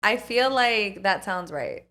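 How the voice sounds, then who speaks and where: A woman's voice: mid-range voice, lively intonation, takes it slowly, sharp tone. A young woman in her twenties co-hosting a casual chat podcast, giggling and gasping often, swearing and mixing in Spanish words. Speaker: podcast co-host.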